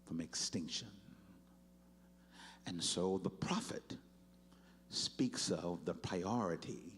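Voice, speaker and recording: A man preaching a sermon as pastor, building from measured teaching to loud, shouted appeals and repeating words for emphasis. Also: sits low, a little hiss or hum. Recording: live church sermon.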